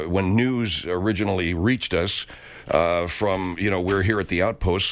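Rambling, stammering radio host man. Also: fairly low pitch. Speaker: radio talk-show host. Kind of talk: comedic radio talk show.

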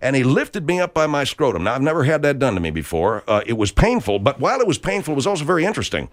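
A man's voice: mid-range voice, sing-song, racing. A man from Arkansas with an Arkansas accent hosts a country show, telling a rambling comic story in a folksy way, full of filler words. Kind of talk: comedic rambling monologue.

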